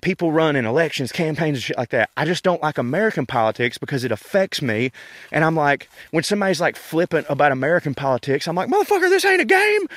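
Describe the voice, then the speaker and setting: A man's voice: fairly high pitch, quick pace, dry recording, studio quality. Profane, wry man ranting outdoors. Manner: profane, wry and animated, laughing between points. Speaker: podcast host. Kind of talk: casual walking rant. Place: outdoors walking in a park.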